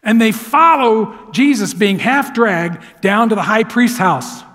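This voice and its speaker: Male pastor, high voice, preaching in a church with long reverb; dramatic swings between loud and hushed. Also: animated, slow pace. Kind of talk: sermon. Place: church sanctuary.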